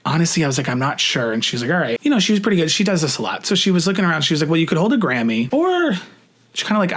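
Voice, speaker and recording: A young man talks straight to the camera, telling a story in a casual, profane way. His voice sits a little high and swings widely in pitch as he acts out each line of dialogue. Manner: animated, swears freely, acts out quoted lines. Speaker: vlogger.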